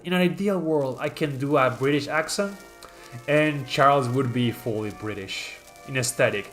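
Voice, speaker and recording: A man's voice: mid-range voice, normal speed, a bit bright, faint music behind. A man chatting casually on a live stream, reading viewer comments aloud and rambling with many fillers and restarts. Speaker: streamer presenting his channel mascot.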